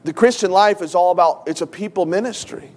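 This high-sitting male voice moves fairly quickly and has a somewhat dark tone. He is a middle-aged pastor preaching with heartfelt, emotional stories, occasionally close to tears, and he leans on repeated phrases to drive points home.

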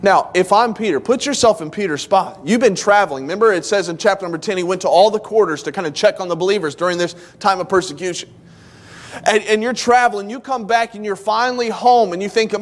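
A man's voice: sits high, a little fast. A man in his thirties preaching a sermon in church, telling the story with animation and acting out the voices of the people he quotes. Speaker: pastor.

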